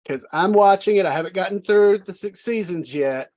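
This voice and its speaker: Southern woman host, quick, friendly, laughs easily, casual chat. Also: medium pitch, a little mellow. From American South.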